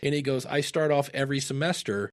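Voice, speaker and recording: A man's voice: medium pitch, fast. A middle-aged man from Ohio, a podcasting guest, telling stories in a casual interview and acting out the dialogue in them. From Ohio, USA. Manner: animated storyteller, acts out quoted dialogue.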